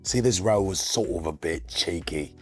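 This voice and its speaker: A man playing a self-serious male actor from Manchester, speaking in a pretentious, drawn-out way in a sketch clip. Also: low voice, over music, close to an everyday voice. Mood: pompous. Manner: pretentious, drawn-out luvvie speech. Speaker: sketch character in played clip.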